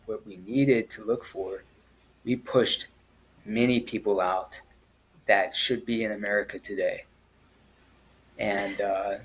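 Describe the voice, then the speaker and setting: Husky-voiced man recounting his experience. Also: lowish voice, poor audio. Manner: halting and earnest, with frequent pauses and restarts. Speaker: guest, former Marine at the Kabul airport evacuation. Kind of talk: personal storytelling in an interview.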